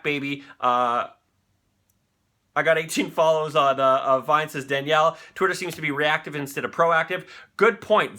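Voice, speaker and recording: A man with a bright, fairly high voice hosts a live stream. His talk is loose and rambling, full of swearing and asides to the chat. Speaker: live-stream show host.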